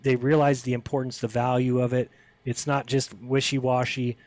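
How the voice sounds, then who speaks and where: A man's voice: mid-range voice, level tone, moderate pace, darkish tone, no room sound. A man as a podcast guest, telling a story in casual conversation and acting out the people he quotes with a raised voice.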